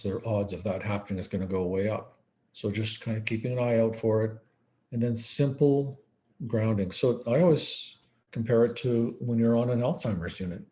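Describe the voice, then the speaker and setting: In a conference lecture, a man speaking as a psychiatrist tells case stories conversationally, acting out the quoted dialogue. His voice is on the low side and dark, moving at a moderate pace.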